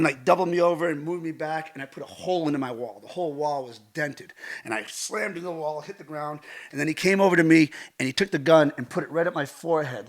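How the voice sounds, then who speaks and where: A middle-aged American man, a stunt coordinator, telling a vivid personal story with lively gestures and acted-out quotes. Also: fairly high pitch. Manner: animated, acts out quotes, swears casually.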